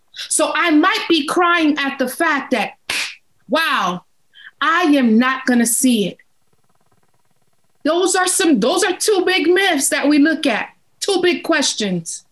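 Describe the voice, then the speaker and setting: A woman speaks slowly in a high register, leaning on each phrase as she gives advice about grief. She repeats lines for emphasis, earnest and steady as an interview guest. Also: rough recording.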